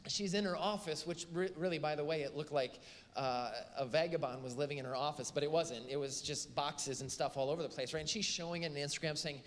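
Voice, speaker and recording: A man preaching a sermon as pastor, telling animated stories and acting out the voices of the people in them. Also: a little high, brisk, slight background noise. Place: church auditorium. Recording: church hall reverb, faint ambience.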